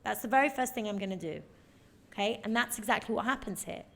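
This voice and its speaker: A woman's voice: mid-range voice, fast, vocal fry, heavy background noise. A woman teaching a Torah lecture in an earnest, emphatic way, often checking in with her listeners. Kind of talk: recorded lecture.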